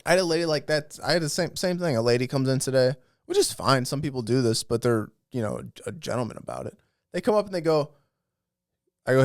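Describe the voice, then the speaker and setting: A man's voice: mid-range voice, expressive, quick pace, dry recording, clean studio sound. A man co-hosting a comedy podcast, telling profane, ranting stories in casual chat. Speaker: podcast co-host.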